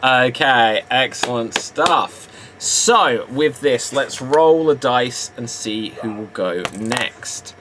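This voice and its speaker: A man's voice: mid-range voice, lively intonation, slow pace, noisy background. A British man hosting a live improv comedy stream, chatty and upbeat, laughing often. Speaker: improv show host.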